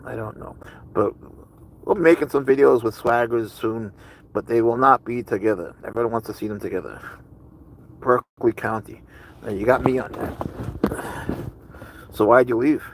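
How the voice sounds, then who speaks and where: A man's voice: medium pitch, moderate pace, pauses often, a little hiss or hum, low-quality recording. A man hosting a casual livestream with his cat, rambling chattily and answering viewers' chat messages. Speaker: livestream host with pet cat.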